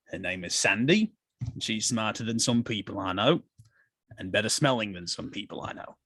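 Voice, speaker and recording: A man voicing a plain male carriage driver with a low, halting, hesitant delivery. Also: pushed and bright, no echo.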